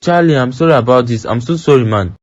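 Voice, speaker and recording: A man's voice: mid-range voice, animated, fast talker, close to an everyday voice. A man voicing a consoling friend, muffled. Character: sympathetic young male friend. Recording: muffled lo-fi sound.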